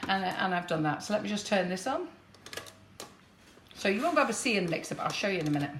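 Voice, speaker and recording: A woman's voice: mid-range voice, sing-song, fast. Northern English woman, live kitchen demo host, chatty and giggly, echoey kitchen, faint background noise. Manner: chatty and warm, laughs often. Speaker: baking demonstrator. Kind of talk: live baking demonstration chat.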